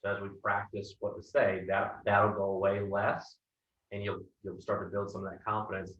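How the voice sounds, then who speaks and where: A man's voice: fairly low pitch, flat delivery, moderate pace, a bit bright, recorded from a distance, highs cut off. Direct male sales coach, roomy sound. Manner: direct, keeps asking "right?". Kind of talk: coaching feedback.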